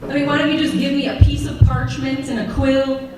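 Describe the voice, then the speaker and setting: A woman performing a stand-up routine, sarcastic and animated as she tells stories. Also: high voice, a little fast, over music. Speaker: stand-up comedian. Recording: echoey venue, mic far off.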